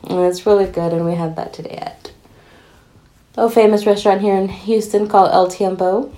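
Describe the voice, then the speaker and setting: A woman co-hosting a casual podcast, explaining things in a relaxed way with loose fillers. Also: mid-range voice, moderate pace. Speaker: podcast co-host.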